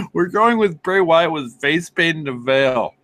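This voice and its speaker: A man co-hosting a casual sports podcast, excitable and sarcastic, swearing and laughing as he talks. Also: a little high, takes it slowly, a little hiss or hum. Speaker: podcast co-host.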